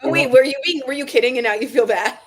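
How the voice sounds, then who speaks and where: A woman's voice: high-pitched, creaky. A woman co-hosting a comedic news podcast, candid and sarcastic in casual chat. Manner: candid, sarcastic, quick to laugh. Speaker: podcast co-host.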